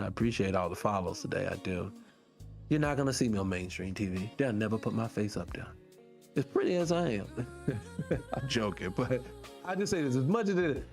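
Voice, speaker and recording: A man's voice: mid-range voice, darkish tone. A man hosting a live online show, fired up and profane as he talks straight to his viewers. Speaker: show host. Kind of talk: livestream commentary rant.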